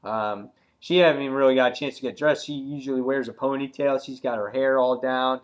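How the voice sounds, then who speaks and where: Rambling man excitedly retelling a comic. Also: medium pitch, a little fast, lo-fi sound. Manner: retells scenes excitedly, acting out quoted lines; loose and rambling, many fillers. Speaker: comic book reviewer. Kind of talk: casual spoken review.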